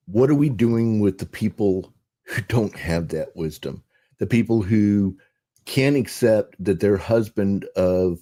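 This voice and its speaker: An older man and podcast guest, explaining in a measured way that often trails off softly. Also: sits low. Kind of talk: casual podcast conversation.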